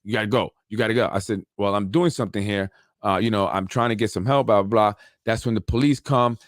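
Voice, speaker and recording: A man hosting a talk show, telling a story in a casual, animated way with street slang and repeated points. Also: fairly low pitch, a little fast, no room sound, studio quality. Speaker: show host.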